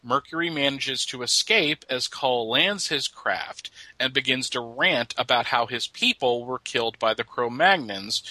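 A man's voice: medium pitch, pushed and bright, no echo, poor audio. A middle-aged man co-hosting a podcast, chatting casually about comics and joking as he reads. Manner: joking, laughs at his own lines. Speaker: podcast co-host.

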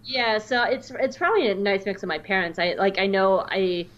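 A woman's voice: mid-range voice, moderate pace, a bit bright. A woman with a mild Southern US accent co-hosting a podcast, rambling in casual chat. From Georgia, US. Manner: rambling, lots of likes. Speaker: podcast co-host. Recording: dull lo-fi mic.

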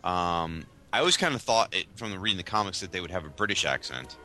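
Low-voiced guy with a really sharp bright edge, hesitant, lots of ums. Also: lively intonation, quick pace. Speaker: podcast co-host. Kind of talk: casual chat.

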